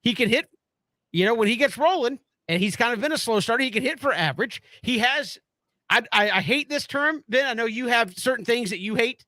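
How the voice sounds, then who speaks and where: Bright, high-voiced sports talk man. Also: a little fast, dry recording. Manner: animated, stumbles and restarts when fired up. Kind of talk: casual sports radio chat.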